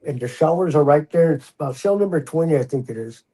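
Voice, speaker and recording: A husky, mellow-toned older man tells his story as a guest in a relaxed interview. He talks in a slightly higher register and acts out the lines of the people in his story. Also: fast talker, poor audio. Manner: animated, acts out the quoted voices. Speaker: guest, retired prison officer. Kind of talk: casual storytelling in a podcast interview.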